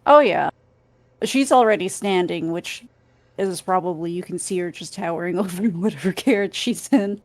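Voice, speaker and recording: A woman's voice: fairly low pitch, moderate pace. A woman playing a tabletop game, casual and upbeat. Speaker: player.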